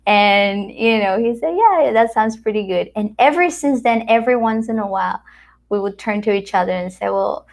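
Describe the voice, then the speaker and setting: A woman's voice: mid-range voice, moderate pace, creaky. A woman, a spiritual teacher giving a casual talk to camera, telling stories and acting out the dialogue. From Latin America. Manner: animated storyteller who acts out quoted dialogue.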